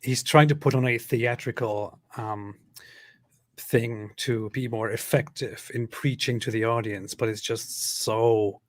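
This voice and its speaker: A male host giving casual commentary, openly incredulous and mocking. His voice sits at a middle pitch. It is recorded dry and close. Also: steady tone, a little slow, no echo. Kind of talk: casual commentary on video clips.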